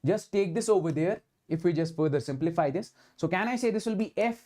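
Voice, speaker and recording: A man's voice: high voice, animated, brisk, dark tone. A man with an Indian accent teaching physics in an online exam-prep lecture, repeating himself emphatically and slipping Hindi words into his English.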